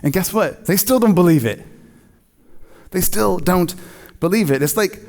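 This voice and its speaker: A man preaching a sermon in a conversational, animated way, joking with the congregation. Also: sits high, a little slow. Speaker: pastor.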